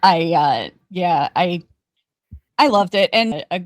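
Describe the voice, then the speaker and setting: A woman's voice: fairly low pitch, animated, takes it slowly, no echo. A woman co-hosting a casual TV review podcast, talking emphatically with frequent restarts. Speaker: podcast co-host. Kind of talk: casual chat reviewing a TV show.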